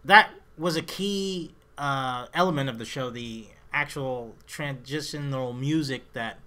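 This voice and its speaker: A man's voice: medium pitch, a little slow, sharp tone. A man co-hosting a casual comedy podcast, rambling through his points with plenty of hesitations and fillers. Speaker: podcast co-host.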